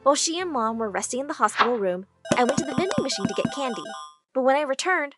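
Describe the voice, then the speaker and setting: A woman narrating an animated drama story in an expressive, dramatic way. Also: high voice, quick pace. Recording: faint background music.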